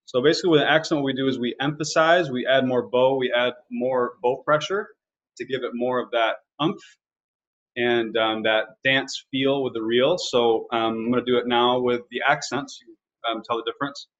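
Male violin teacher on a webinar, relaxed explainer, mid-pitched voice, lo-fi audio. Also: normal speed. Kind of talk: live online music lesson.

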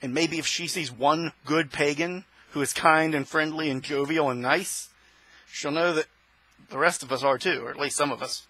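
Fiery, preaching man with a husky voice. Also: on the high side, steady tone, normal speed, low-quality recording. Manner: fiery, preaching, rising to shouts. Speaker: host. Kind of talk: impassioned opinion monologue.

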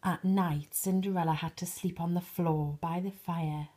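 A woman reading a bedtime story for toddlers in a soft, expressive way, sometimes dropping to a whisper. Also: on the low side, moderate pace.

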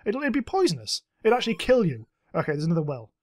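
A man hosting a let's-play, giving excitable gameplay commentary and yelping and swearing at the game. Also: sits high, fast, dry recording.

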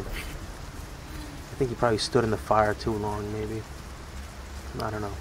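A man's voice: on the low side, fairly even intonation, moderate pace, long pauses. Profane joking male gamer, noisy game sound. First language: Spanish. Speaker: gamer playing a horror game. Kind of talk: casual let's-play commentary.

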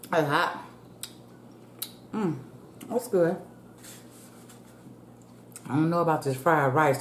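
Low, slow-talking woman vlogger, echoey room. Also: darkish tone. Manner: chatty, folksy, keeps calling out to viewers. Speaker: mukbang vlogger. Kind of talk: casual eating-show chat. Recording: echoey room with faint background hum.

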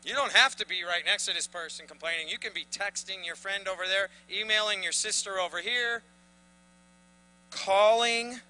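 Bright-voiced man preaching a sermon. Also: high voice, a little fast, few pauses, low-quality recording. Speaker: pastor.

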